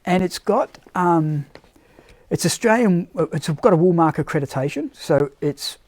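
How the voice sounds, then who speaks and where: A man's voice: on the high side, expressive, a little slow, a little mellow, no echo. A man presenting blankets on a casual live stream, talking unscripted and searching for words as he goes. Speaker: product presenter.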